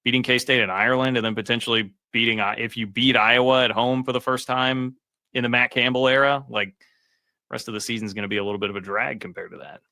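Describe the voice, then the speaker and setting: A man's voice: medium pitch, quick pace, no room sound. A man hosting a sports podcast, chatting casually about college football with lots of fillers. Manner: relaxed, conversational, many fillers. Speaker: podcast host.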